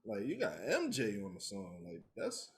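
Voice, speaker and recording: Male co-host, very animated intonation, casual, repeats himself, says "bro". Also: medium pitch, moderate pace, vocal fry. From Philadelphia. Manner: lively, restarts phrases, says "bro" a lot. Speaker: podcast co-host. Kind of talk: casual banter.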